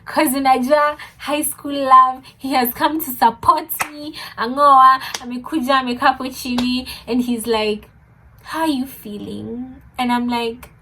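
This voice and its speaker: A young woman telling a funny story, animated, laughing often and mixing in Swahili words. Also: sits high, moderate pace, hardly any pauses, slight background noise. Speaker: vlogger. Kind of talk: casual storytime.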